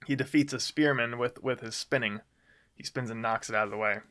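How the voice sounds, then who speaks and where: A man with an ordinary mid-pitched voice talks through notes on a story he wrote. He rambles casually, leaning on fillers and breaking into small laughs as he goes. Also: steady tone, a little fast, pushed and bright. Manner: chuckles often, loose and rambling with fillers. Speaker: author discussing his own story. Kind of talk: casual commentary on his own writing.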